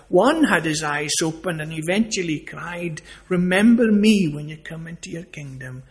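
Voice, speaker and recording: A man's voice: a little high, lively intonation, normal speed, few pauses. A man preaching a sermon, earnest and emphatic, asking rhetorical questions.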